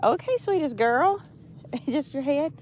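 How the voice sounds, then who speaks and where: A woman's voice: high voice, lively intonation, takes it slowly, a little mellow, slight background noise. A woman, cooing affectionate baby talk to cows outdoors on a farm, recorded on a handheld phone. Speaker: farmer. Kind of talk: casual talk to animals.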